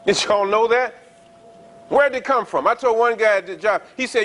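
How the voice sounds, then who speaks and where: A man preaching a sermon, explaining scripture in a conversational way, checking in with his listeners and slowing down to stress the verses. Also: very high-pitched, a bit bright. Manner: explains scripture conversationally, often asking the congregation "right?"; reads verses slowly and stresses key words. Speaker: pastor.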